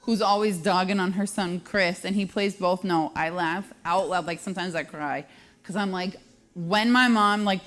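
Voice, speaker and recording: A woman's voice: on the low side, fairly even intonation, normal speed, a bit bright. A woman in her thirties hosting a live show, chatting casually and joking at her own expense. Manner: self-deprecating, joking, laughs often. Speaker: host.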